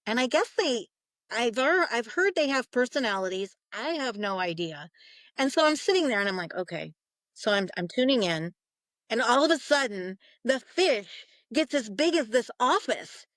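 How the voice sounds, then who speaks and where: A woman's voice: a little high, sing-song, normal speed, fairly bright tone, no echo. Female interview guest, chatty storyteller who acts out quotes, dry mic. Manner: acts out quoted voices, laughs often. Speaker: psychic medium guest.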